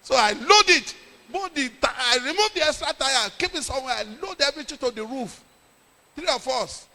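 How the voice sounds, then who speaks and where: A middle-aged Nigerian man, a pastor, telling a lively story in a sermon with jokes and pidgin. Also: extremely high pitch, fairly quick, long reverb tail.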